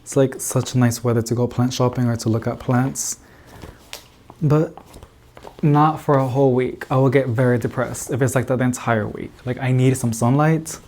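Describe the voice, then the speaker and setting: A man's voice: medium pitch, fairly even intonation, normal speed, darkish tone, slight background noise. Chatty, rambling man vlogger. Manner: chatty and rambling, lots of "like" and giggles. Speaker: plant vlogger. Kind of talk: casual chat to camera. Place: indoor plant room with grow lights.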